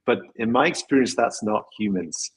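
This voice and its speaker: A man's voice: lowish voice, lively intonation, moderate pace, breathy edge, poor audio. A man who runs a tech company, speaking as an interview guest in a thoughtful, rambling way. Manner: thoughtful, rambling with restarts and small laughs. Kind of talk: casual interview conversation.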